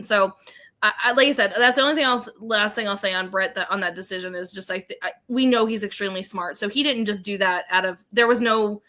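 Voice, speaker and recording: Bright, higher-pitched woman co-hosting. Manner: chatty, restarts and repeats herself. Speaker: podcast co-host. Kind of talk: casual podcast recap chat.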